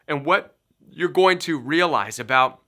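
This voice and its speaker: A middle-aged man talks listeners through a self-help lesson in a bright, forceful voice that sits a little high. He is emphatic and preachy, hammering his points with repetition. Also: expressive, a little slow. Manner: emphatic, preachy, repeats key phrases. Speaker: recovery coach. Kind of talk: motivational self-help talk.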